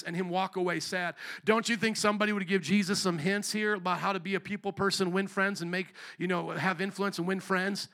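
A male pastor preaching a sermon in an animated, joking way, calling out to the congregation. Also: high voice, fairly quick, gravelly.

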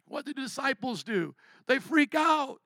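A man preaching a sermon as pastor, impassioned, swinging between loud declarations and hushed asides. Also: extremely high pitch, lively intonation, normal speed, dry recording.

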